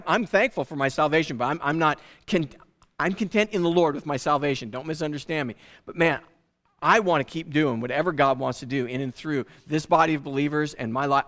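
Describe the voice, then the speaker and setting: A man preaching a sermon from the pulpit in a lively, conversational way. His voice sits high for a man, and he often restarts his sentences as he goes. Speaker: pastor.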